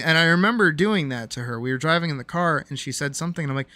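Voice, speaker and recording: Candid, rambling streamer with a bright voice. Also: medium pitch, sing-song, fast talker, hardly any pauses, no room sound. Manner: rambling and candid, with many restarts and fillers. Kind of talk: casual stream chat, reading chat messages.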